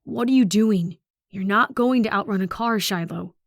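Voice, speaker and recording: Woman voicing a steady, low-voiced teen boy. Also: normal speed, dry recording, clean studio sound, close to an everyday voice. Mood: exasperated.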